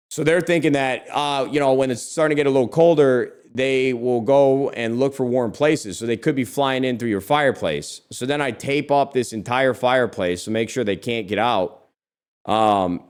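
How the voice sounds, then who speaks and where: A man in his thirties hosting a show, telling a story in a casual chat, animated and profane, calling listeners bro. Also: medium pitch, normal speed. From lives in Texas. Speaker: podcast host.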